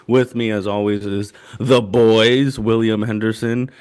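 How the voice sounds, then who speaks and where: A man's voice: on the low side, little pitch movement, measured pace, darkish tone, clean tone. A man hosting a casual comedy podcast over a video call, loose and giggly, rambling with fillers. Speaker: podcast host.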